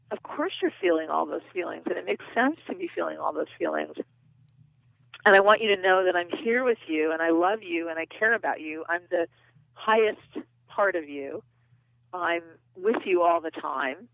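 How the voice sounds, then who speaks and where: A woman voicing a gentle, loving female inner nurturer, talking in a soothing, reassuring way over a tinny phone line. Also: low-pitched, creaky, no room sound.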